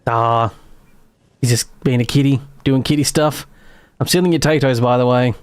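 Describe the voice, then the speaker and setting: A man's voice: medium pitch, steady tone, a little fast, darkish tone, clear, resonant tone, dry recording. A man streaming a game live, muttering a chatty running commentary to himself as he plays. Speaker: gaming streamer. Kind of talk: casual live gameplay commentary.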